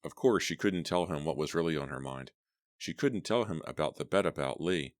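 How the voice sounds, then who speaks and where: A man narrating a horror novel as an audiobook, steady and deliberate. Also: a bass voice, no room sound, studio quality.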